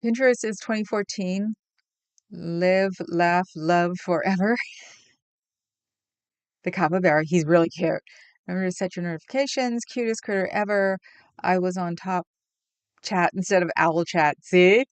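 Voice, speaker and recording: A woman's voice: lowish voice, unhurried, long pauses, clean tone, no echo. Chatty woman streamer, dry close sound. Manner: rambling, chatty, laughs often, reacts to chat. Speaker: live streamer. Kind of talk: casual livestream chat with viewers.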